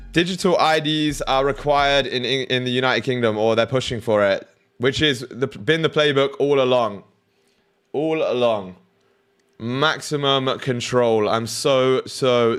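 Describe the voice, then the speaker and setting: A man's voice: mid-range voice, fairly bright tone, smooth. Crude, casual male livestream host. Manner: loose, crude, reads chat aloud.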